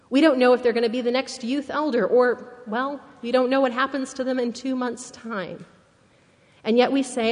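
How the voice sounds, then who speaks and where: Woman preaching slowly in a reverberant church. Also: medium pitch. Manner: slow, earnest storytelling with hushed, solemn moments. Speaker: minister. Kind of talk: sermon. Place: church sanctuary.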